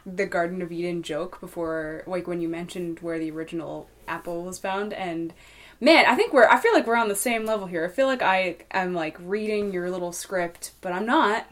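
A woman's voice: lowish voice, moderate pace, a bit bright, a little hiss or hum. A woman co-hosting a casual podcast with a playful, teasing manner. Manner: playful, teasing, laughs easily. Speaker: podcast co-host.

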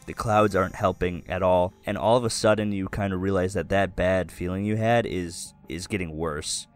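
A man's voice: low-pitched, steady tone, moderate pace, clear, resonant tone, soft background music. A man narrating as game master, describing scenes loosely and improvising as he goes.

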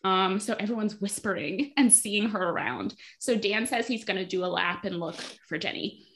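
Casting note: bright, talkative woman, podcast host, casual recap, quotes characters in passing. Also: medium pitch, moderate pace. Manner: chatty, frequent fillers, acts out quotes. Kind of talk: casual chat.

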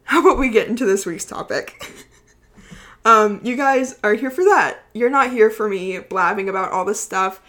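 A woman's voice: medium pitch, moderate pace, a bit bright. A woman of about twenty hosting her own podcast, chatting casually, rambling and giggling often. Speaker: podcast host. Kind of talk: casual chat.

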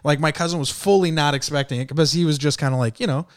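A man's voice: fairly high pitch, fast, smooth, dry recording, studio quality. A man from San Jose, California, telling a comic story in casual chat, acting out the people he quotes and laughing often. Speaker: comedian guest.

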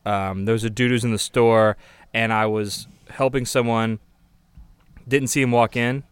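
A man's voice: medium pitch, fairly even intonation, measured pace, clear, resonant tone, dry recording. A man co-hosting a podcast in casual chat, telling a work story with lots of laughs and acted-out voices. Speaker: podcast co-host; record store worker.

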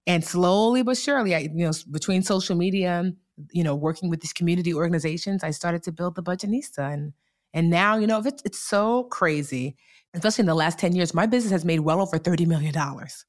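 A woman in her forties telling her own story as an interview guest, in a chatty, animated way with many fillers. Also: on the low side, quick pace. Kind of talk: casual storytelling.

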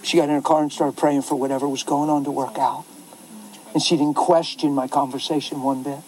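A man who is a pastor, telling a story in an animated way, laughing often and acting out the voices of others. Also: on the high side, fairly quick, poor audio. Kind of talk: storytelling talk.

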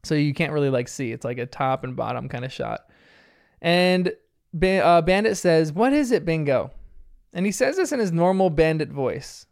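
Male recapper, casual and rambling, smooth fairly high voice. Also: expressive, normal speed. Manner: chatty and rambling, heavy with filler words. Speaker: show recapper. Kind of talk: casual episode recap commentary.

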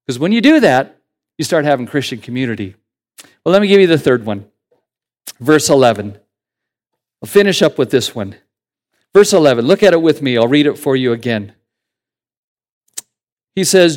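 A man preaching a sermon as pastor in a conversational, animated way, building to emphatic points. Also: a little high, normal speed, pauses often.

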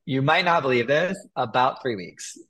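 A man of ordinary pitch talks about his book in a relaxed interview. He tells his story with frequent laughter and animated retellings of conversations. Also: moderate pace. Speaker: author guest.

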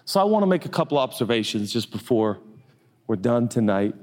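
A man's voice: medium pitch, very animated, fairly quick, a little mellow. A man preaching a sermon in a loose, joking way, acting out little dialogues. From US Northwest. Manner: conversational, jokey, acts out little dialogues. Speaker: pastor. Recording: long reverb of a large hall.

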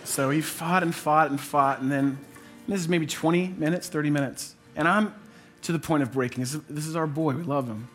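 A man's voice: on the high side, fairly quick, a bit bright, faint music behind. A man in his thirties preaching to a church congregation, telling a personal family story in an earnest, conversational way. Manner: earnest and conversational, acting out quotes. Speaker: pastor.

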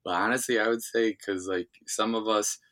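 A man's voice: fairly low pitch, normal speed. A young man from Ohio with a slight Midwestern accent, a guest casually rambling through a podcast interview with lots of fillers. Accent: Midwestern American. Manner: relaxed rambling with many fillers. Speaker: guest, former reality show contestant.

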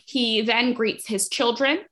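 A woman podcast host casually recapping a TV episode, telling it in a lively way with acted-out quotes. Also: fairly high pitch, takes it slowly. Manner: animated storytelling, acts out quotes.

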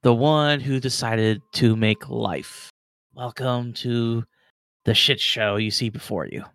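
A man voicing an ancient, weary guardian being who speaks slowly and softly. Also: medium pitch, creaky, dry recording. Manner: slow, soft, world-weary, dry.

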